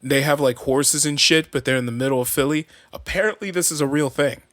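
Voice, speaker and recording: A man's voice: fairly high pitch, fairly quick, a bit bright, no room sound, studio quality. A man in his thirties co-hosting a podcast, easygoing and chatty. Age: 30s. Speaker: podcast co-host. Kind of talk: casual chat.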